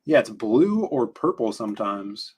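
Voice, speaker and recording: A man co-hosting a casual talk stream, rambling as he flips through comics, his voice slightly hoarse. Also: fairly low pitch, very animated, unhurried, darkish tone. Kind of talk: casual chat.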